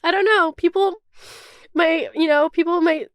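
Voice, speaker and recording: A woman's voice: extremely high pitch, fairly even intonation, normal speed, fairly bright tone, dry recording. A woman in her twenties talking casually to camera, chatty and full of "like" and swearing. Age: 20s. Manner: chatty, swears freely, heavy use of "like". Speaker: vlogger. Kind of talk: casual chat.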